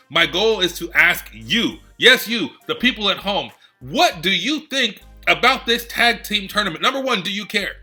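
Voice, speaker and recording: A man's voice: a little high, sharp tone. A man hosting a wrestling rant segment, sarcastic and frustrated, firing off rhetorical questions at the viewers. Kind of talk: heated rant to camera.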